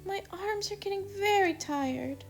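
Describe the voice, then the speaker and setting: A woman's voice: expressive, a little slow, heavily acted. Woman doing a tiny pleading hazelnut girl. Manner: high, soft and pleading.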